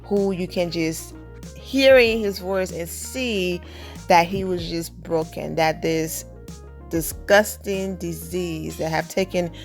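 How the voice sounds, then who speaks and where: A woman's voice: on the low side, slow, faint music behind. A woman giving casual celebrity news commentary in a chatty style, often saying "you know".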